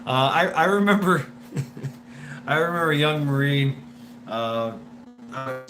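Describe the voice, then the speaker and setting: A man's voice: on the high side, sharp tone, soft background music. A young man telling a personal story in a casual, rambling way, full of restarts, profanity and laughter. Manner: halting, repeats words, profane, laughs often. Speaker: storyteller recounting a personal anecdote.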